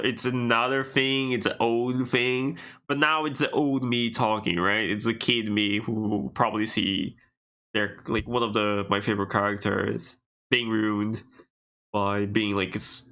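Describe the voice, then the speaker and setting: Bright-voiced animated man co-hosting a podcast. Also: fairly low pitch. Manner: animated, restarts often, laughs easily. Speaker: podcast co-host. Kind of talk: casual chat.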